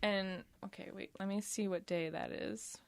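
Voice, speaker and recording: A woman's voice: mid-range voice, steady tone, normal speed, gravelly, clean tone, no echo. A woman co-hosting a casual podcast, rambling through stories and laughing as she talks. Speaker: podcast co-host. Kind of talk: casual chat.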